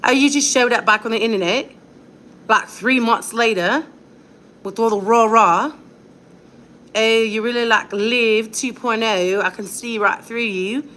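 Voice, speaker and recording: A woman's voice: mid-range voice, fairly even intonation, a bit bright, a little hiss or hum, natural voice. A woman putting on a sneering British-accented mocker. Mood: mocking. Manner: slow, sneering and sing-song.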